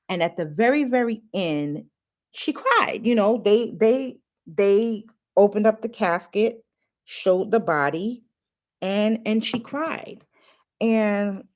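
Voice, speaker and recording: A middle-aged woman chatting casually through a hair tutorial, confiding and full of fillers, recorded on a phone. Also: mid-range voice. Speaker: natural hair vlogger.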